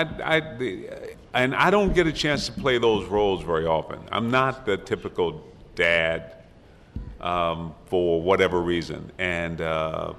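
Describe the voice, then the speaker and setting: A man's voice: deep voice, a bit bright. An older man on a convention panel, telling a rambling anecdote full of restarts and laughs. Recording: echoey hall with faint room noise.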